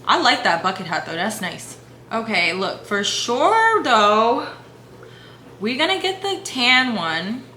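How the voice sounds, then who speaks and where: Animated slangy young woman, echoey room. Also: medium pitch, moderate pace. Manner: animated, slangy, gasps and whispers in excitement. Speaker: vlogger. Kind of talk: casual chat while shopping online. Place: room at home. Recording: echoey room with faint hum.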